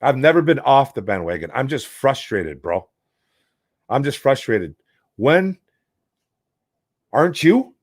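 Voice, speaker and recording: A man's voice: mid-range voice, very animated, moderate pace, no room sound, studio quality. A man with a Michigan accent hosting a casual sports talk show, rambling and frustrated, calling listeners bro and man. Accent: Detroit, Michigan. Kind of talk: casual sports talk, reading chat questions.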